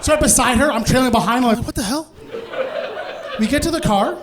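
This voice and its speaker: A man performing stand-up comedy on stage in front of a live audience, telling a story in an animated way and acting out the people in it. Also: very high-pitched, very fast, crowd noise, background noise. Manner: animated, acts out voices, bursts into shouts.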